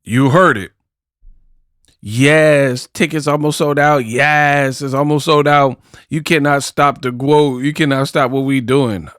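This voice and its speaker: A man's voice: mid-range voice, steady tone, a little slow, a bit bright, clear, resonant tone, no room sound, clean studio sound. A man hosting boxing commentary, reacting to clips in a casual, mocking, slangy way.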